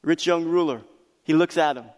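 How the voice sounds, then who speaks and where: A man preaching a sermon as pastor, emphatic and building to loud passionate peaks. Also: fairly high pitch, normal speed. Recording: long reverb of a hall.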